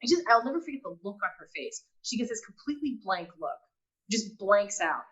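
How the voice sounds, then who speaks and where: A woman telling a personal story in casual talk, animated, acting out quotes and often laughing. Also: mid-range voice, a little fast, low-quality recording. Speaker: guest.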